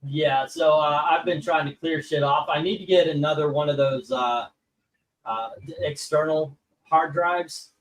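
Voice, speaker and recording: A man's voice: on the high side, fairly even intonation, unhurried, distant mic, low-quality recording. A man hosting a live comic book auction stream, chatting casually and rambling with many filler words. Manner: rambling, full of filler words, self-mocking.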